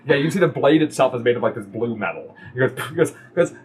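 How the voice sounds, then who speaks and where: A man narrating as game master of a tabletop game, halting, with many restarts. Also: medium pitch, expressive, breathy edge.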